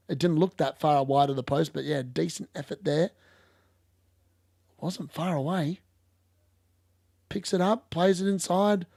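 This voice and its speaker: A man talks over a live football match in a loose, opinionated ramble, dropping the odd mild swear. His voice sits a bit higher than most men's. The sound is close and dry, with no room around it. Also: a little mellow, no room sound. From Australia. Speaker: football watch-along host. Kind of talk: casual live match commentary.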